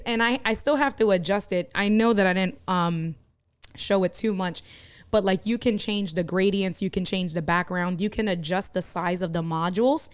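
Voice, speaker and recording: A woman's voice: mid-range voice, smooth. A woman live streamer chatting casually from her home setup, reacting to viewer comments and laughing often. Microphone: desk streaming mic through a mixer.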